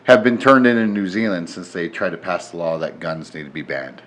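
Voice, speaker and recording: A tipsy man co-hosting a podcast in casual chat, joking loudly, laughing and swearing a lot. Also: deep voice, lively intonation, a little fast, slight background noise. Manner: loud, profane, joking, laughs often. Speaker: podcast co-host.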